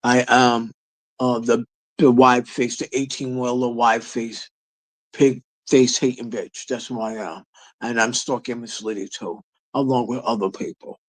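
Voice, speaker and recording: A man's voice: medium pitch, fairly even intonation, unhurried, dry recording, natural voice, low-quality recording. A man mocking a stammering, self-loathing woman. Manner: mumbling, stammering mockery.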